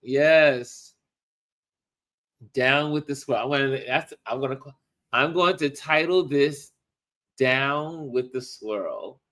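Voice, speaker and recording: A middle-aged man hosting a casual livestream, musing warmly to viewers as he shows photos. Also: medium pitch. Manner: slow, musing, talks to viewers while showing photos. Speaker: livestream host.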